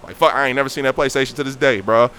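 A man's voice: mid-range voice, very fast, slight background noise. A young man telling a story in casual talk, acting out the voices of the people in it. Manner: animated, acts out quoted voices.

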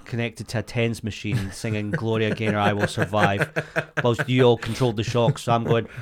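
A young man, a comedian co-hosting a podcast, chatting casually and tossing in quick jokey asides. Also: lowish voice, flat delivery. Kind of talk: casual chat.

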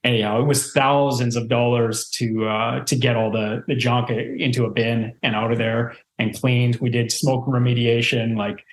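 A man's voice: mid-range voice, fairly even intonation, normal speed, few pauses. Rambling man with a roomy echo. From Canada. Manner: rambling, lots of fillers and restarts. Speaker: real estate investor guest. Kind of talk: casual storytelling in an interview.

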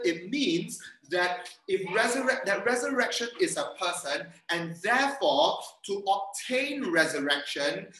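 A man's voice: high voice, sharp tone. A man preaching a sermon over a video call, earnest and repeating phrases for emphasis. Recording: echoey room, a bit far from mic.

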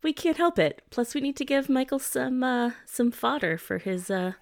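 A woman's voice: high voice, lively intonation, moderate pace, creaky, no echo, studio quality. A woman co-hosting a casual podcast chat, enthusiastic and chatty. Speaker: podcast co-host.

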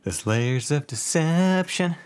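Co-host, mid-pitched, lively intonation, playful and teasing. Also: slow, clean tone. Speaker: podcast co-host. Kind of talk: casual chat.

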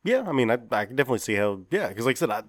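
A man's voice: mid-range voice, big pitch swings, very fast, a bit bright, no echo, clean studio sound. A man co-hosting a casual chat, easygoing and often restarting his sentences. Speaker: podcast co-host.

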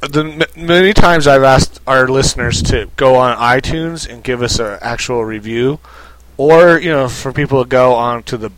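A man's voice: medium pitch, no room sound, low-quality recording. A man co-hosting a podcast in casual, jokey banter with a friend. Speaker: podcast co-host. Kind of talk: casual chat.

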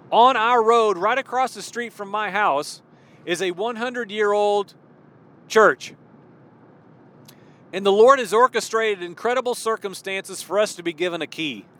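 A man with a high, sharp-toned voice hosts a podcast as a fervent, rambling sermon. He repeats phrases again and again for emphasis.

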